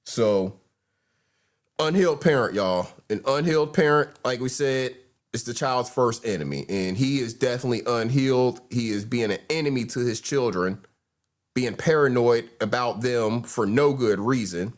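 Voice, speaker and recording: A man's voice: medium pitch, moderate pace. A man hosting a reaction show, bluntly commenting on clips and calling his viewers y'all. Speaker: host.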